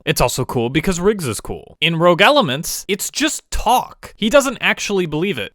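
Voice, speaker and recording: A man giving a mocking, sarcastic movie review with deadpan asides, recorded as a close voice-over. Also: fairly high pitch, no room sound. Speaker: YouTube film critic.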